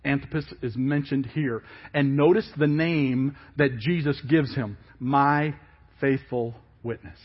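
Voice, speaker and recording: A man preaching a sermon, emphatic and falling quiet at the ends of phrases. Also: mid-range voice, unhurried, breathy edge. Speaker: pastor. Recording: dull lo-fi church service audio.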